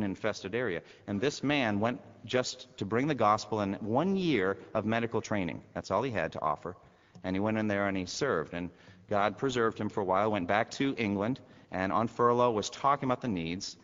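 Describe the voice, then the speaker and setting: A man preaches a sermon, moving from quiet storytelling into loud, impassioned appeals. His voice carries a long echo through a large church hall, and the recording sounds muffled. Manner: rises to loud, high-pitched fervent exhortation.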